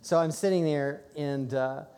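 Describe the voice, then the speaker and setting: A man preaching a sermon at a church service, telling stories conversationally and breaking into excited bursts. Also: fairly high pitch, unhurried, clear, resonant tone. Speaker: pastor. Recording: long hall reverb.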